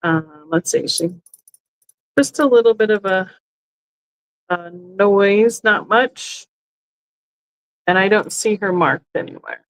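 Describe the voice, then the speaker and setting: Over a rough recording, a woman with a mid-range voice sounds animated yet speaks slowly, pausing often. She's sitting in a chair indoors hosting a casual live-stream sale, chatting and thinking aloud about each item and frequently correcting herself.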